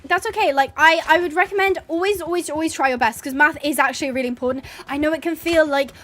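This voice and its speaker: A woman's voice: high voice, quick pace, fairly bright tone. A woman chatting casually and laughing while playing a horse game as a streamer. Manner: chatty, giggly, rambling. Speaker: gaming streamer.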